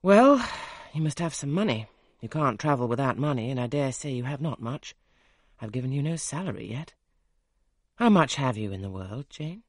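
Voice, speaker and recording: Audiobook voice: a man playing a brusque gentleman who teases and commands in turn. His voice is husky and mid-pitched. The sound is dry and close. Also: big pitch swings, moderate pace, no echo. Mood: teasing. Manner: gruff, commanding, teasing. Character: brusque, teasing wealthy older gentleman. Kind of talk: audiobook character reading.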